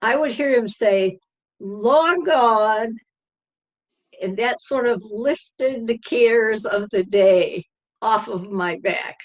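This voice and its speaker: A woman answers interview questions in an earnest, reflective way. She speaks very slowly and takes her time over each phrase, at an ordinary pitch. The audio is dull and lo-fi. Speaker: interview guest.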